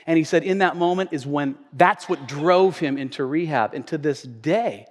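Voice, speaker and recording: A male pastor preaching a sermon in a church sanctuary, conversational, swinging from loud emphasis to quiet asides. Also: a little high, normal speed, a little hiss or hum. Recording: echoey church hall.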